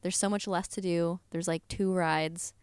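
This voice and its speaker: A woman's voice: fairly low pitch, fairly even intonation, a little slow, a little mellow, clear, resonant tone, no room sound. A young woman chatting as a podcast guest, casual and chatty, full of "like" fillers, swearing and laughing easily. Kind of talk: casual chat.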